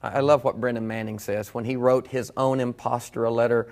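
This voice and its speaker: A man's voice: medium pitch, level tone, fairly quick, darkish tone. A middle-aged man, earnestly telling his own story as a preacher in a reflective conversation. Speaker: guest preacher. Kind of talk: personal testimony in conversation.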